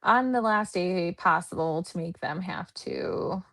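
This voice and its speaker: A woman's voice: lowish voice, huge pitch swings, a little slow, creaky, fairly bright tone. A woman hosting a true crime livestream, chatting casually with sarcastic jokes.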